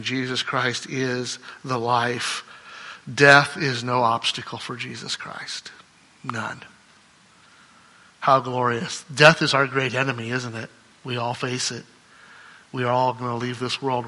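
A man's voice: medium pitch, sharp tone, in a large hall. A man preaching a sermon in a conversational, emphatic way, full of rhetorical questions. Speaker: pastor.

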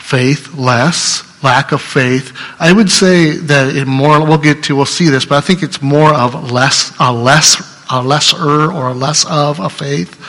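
Male pastor, earnest and chatty sermon delivery, forceful tone, reverberant hall sound. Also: a little high, a little slow. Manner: earnest, conversational, restarts mid-sentence.

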